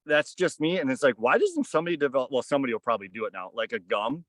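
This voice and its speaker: A man's voice: medium pitch, sing-song, very fast, no room sound, low-quality recording. Rambling man telling a hunting story. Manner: rambling, filler-heavy, hushes voice for quoted asides. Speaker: podcast guest. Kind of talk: casual storytelling. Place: outdoors on a fishing boat.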